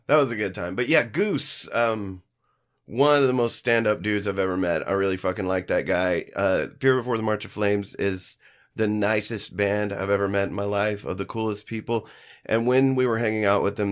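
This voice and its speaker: A man telling animated, profane backstage tales in casual podcast chat, acting out quotes. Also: deep voice. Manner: animated storyteller, swears freely, acts out quotes. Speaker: podcast guest, musician. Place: live-streamed studio.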